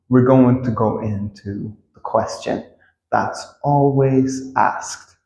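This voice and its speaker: Man, english lesson, slow delivery, repeats phrases, roomy echo. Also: medium pitch, gravelly, faint music behind. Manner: friendly, repeats example phrases with lively acted-out intonation. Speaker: English teacher. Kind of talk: casual spoken English lesson.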